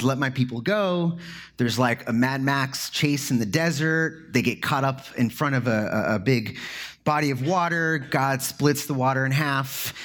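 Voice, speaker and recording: Man, pastor, sermon, conversational, earnest, husky voice. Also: mid-range voice. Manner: earnest, conversational preaching with fillers.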